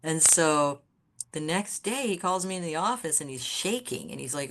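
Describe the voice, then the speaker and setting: A woman guest on a podcast, telling candid stories about her design career in a blunt, swearing, animated way. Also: low voice, moderate pace. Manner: animated storyteller who acts out quoted people. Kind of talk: casual storytelling interview.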